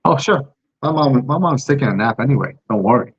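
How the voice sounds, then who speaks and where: A man who grew up in Southeast Asia talks loosely on a podcast and laughs easily. He often repeats a word or two as he starts a thought. His voice sits at a middle pitch, and the recording sounds a bit dull and lo-fi. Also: lively intonation, a little fast, breathy edge. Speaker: podcast co-host. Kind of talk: casual chat. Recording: dull lo-fi audio.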